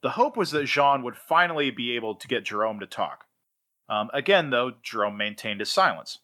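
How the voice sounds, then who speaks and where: A man hosting a podcast and telling a long story in a loose, rambling way. His voice is bright and forward, and he chuckles mid-sentence and leans on fillers. Medium pitch, casual chat.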